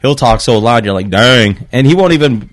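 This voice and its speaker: A middle-aged man co-hosting a podcast, telling stories in a lively way and laughing often. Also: mid-range voice, normal speed. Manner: animated storyteller, laughs often. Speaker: podcast co-host. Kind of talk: casual chat.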